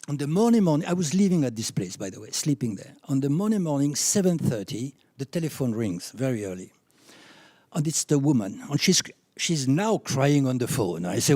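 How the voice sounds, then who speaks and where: A man in his seventies from France with a French accent, telling anecdotes from his career as a chiropractor in a lively, laughing way. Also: mid-range voice, normal speed, no echo, studio quality. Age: 70s. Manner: animated anecdotes with laughs, rising when excited. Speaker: chiropractor speaking at a conference. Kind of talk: storytelling talk.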